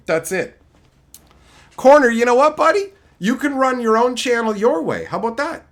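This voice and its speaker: A man's voice: very high-pitched, sing-song, normal speed, fairly bright tone. A man streaming live, ranting casually with lots of swearing, mocking jabs and laughter. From Canada.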